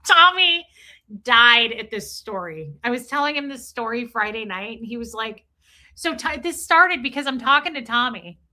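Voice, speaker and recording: A young adult woman telling a story in casual livestream chat, chatty and animated, greeting viewers as she goes. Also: a little high, normal speed. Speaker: streamer.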